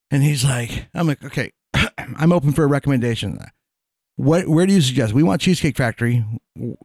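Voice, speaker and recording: A man from Vermont telling a profane, animated story in casual podcast chat. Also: mid-range voice, dry recording, studio quality.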